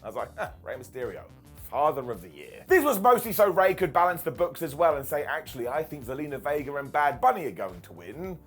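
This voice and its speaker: A British man casually reviewing a wrestling show as its regular host, joking and putting on quick mock voices. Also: a little high, slightly rough, soft background music. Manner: animated, jokey, mock voices for quotes.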